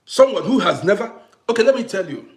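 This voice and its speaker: Casting: middle-aged man from Africa, live-stream host, high voice that rises and falls a lot as he stresses each point. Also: fast talker, reverberant. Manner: animated, emphatic, repeats himself, greets viewers by name. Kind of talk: casual live-stream talk to viewers. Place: home in Vienna.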